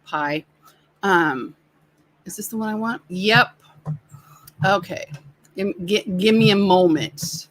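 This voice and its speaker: A middle-aged woman co-hosts a relaxed livestream chat, teasing her partner and laughing often. Her voice is bright and forward. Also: medium pitch, takes it slowly, long pauses, a little hiss or hum, poor audio. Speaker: co-host.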